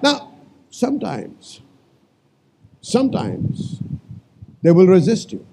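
A man preaching a sermon as pastor, calling out to the congregation and repeating lines for emphasis, sometimes shouting commands. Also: high-pitched, wildly swooping pitch, slow, vocal fry, a little hiss or hum.

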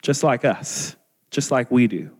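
A man preaching a sermon as a pastor, earnest and measured, asking his listeners rhetorical questions. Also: mid-range voice, lively intonation, darkish tone, husky. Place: church sanctuary. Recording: long reverb of a large hall.

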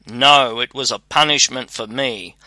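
Brief: a menacing, haughty bottle spirit, voiced by a man, slow and bright-toned, loud. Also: mid-range voice, no room sound. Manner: loud, threatening then pleading. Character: haughty mighty male spirit trapped in a bottle.

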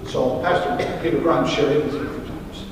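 In an echoey hall heard from a distance, with faint ambience and a noisy background, a man preaches as a pastor. He's an animated storyteller performing the dialogue of the characters in his sermon story, speaking on the high side at normal speed, in a large hall or church.

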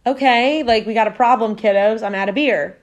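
A woman quoting a gruff, reckless, hard-drinking older man who gives blunt, bossy orders. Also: a little high, a little fast, close to an everyday voice.

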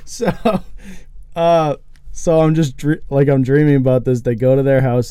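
A young man hosting a casual podcast, talking in a relaxed, rambling way and laughing often. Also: medium pitch, normal speed, clean tone, dry recording. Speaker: podcast host. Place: college-town podcast setup.

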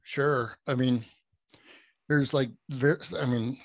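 A middle-aged man, a podcast guest, telling a personal story in a casual, animated way, laughing often and acting out quoted speech. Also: mid-range voice, slow pace, no echo.

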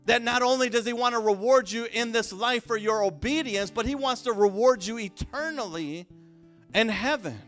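A man preaching a sermon with passion, repeating phrases and rising to shouts for emphasis. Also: extremely high pitch, moderate pace, faint music behind.

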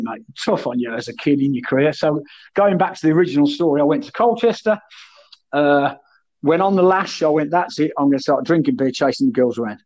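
A middle-aged man tells blunt, swearing-heavy stories in an animated, casual podcast style. His voice sits a little high for a man. The recording sounds muffled and lo-fi. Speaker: podcast guest, former footballer. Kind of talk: casual storytelling chat. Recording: muffled lo-fi audio.

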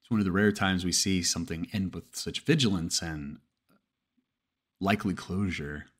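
A man narrating a first-person horror story in a steady reading voice, with occasional stumbles and restarts. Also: deep voice, normal speed, breathy edge.

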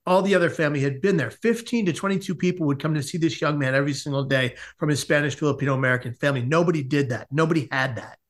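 A man, a podcast guest, telling a comic personal story with lively asides. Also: fairly high pitch, very fast, few pauses. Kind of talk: animated storytelling in a podcast interview.

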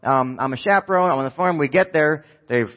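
A man's voice: on the high side, fairly quick, lo-fi sound. Casual rambling preacher man. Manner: casual, rambling, self-mocking storyteller. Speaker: pastor. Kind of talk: preaching a sermon with a personal story.

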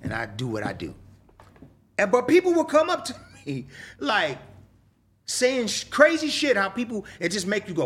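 A man's voice: a little fast, slightly rough. A middle-aged man, a rapper telling stories in a candid interview, swearing freely and acting out what people said to him. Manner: animated, profane, acts out quoted exchanges with big pitch swings.

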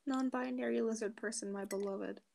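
Teasing young woman with breathy laughs. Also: a little high, steady tone, fairly quick, a little mellow. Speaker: podcast co-host. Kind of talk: casual chat. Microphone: online call.

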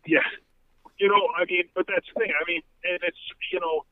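A man's voice: sits high, steady tone, brisk, no echo. A man chatting as a podcast guest, swearing often and leaning on fillers. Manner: profane, filler-heavy talk. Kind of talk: casual chat. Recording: tinny phone line.

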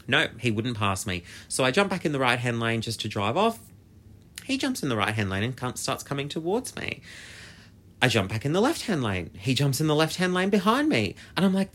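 An Australian man hosts a podcast alone and tells a story in casual talk. His pitch jumps around with lively, expressive swings while he chats on. He swears freely and scatters "like" through his sentences. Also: a little fast. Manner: animated, chatty, swears, many "like" fillers. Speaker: podcast host.

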